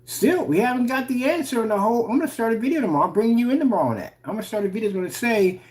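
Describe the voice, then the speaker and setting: A man's voice: very high voice, expressive, racing, few pauses, a little mellow. Guy ranting on his channel, sarcastic and mocking, voice bouncing all over. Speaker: channel host. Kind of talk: ranting commentary video.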